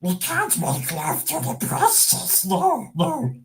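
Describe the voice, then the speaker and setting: A man's voice: very high-pitched, huge pitch swings, takes it slowly, gravelly, a bit bright, voice pushed up, exaggerated voice. A man putting on a sly, wheedling voice of a male cave creature that keeps saying precious. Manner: repeats "precious", sly and pleading.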